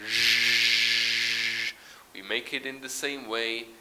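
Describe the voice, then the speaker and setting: In a recorded pronunciation lesson, a man teaches English, patiently explaining, modelling sounds and reading a short text aloud. His voice sits on the low side and he speaks unhurriedly, with heavy background noise behind him.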